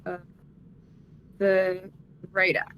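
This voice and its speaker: A woman's voice: fairly low pitch, completely flat delivery, extremely slow, a bit bright, slight background noise, low-quality recording. A woman playing a tabletop game, casually saying what her character does, with some hesitation. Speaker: player.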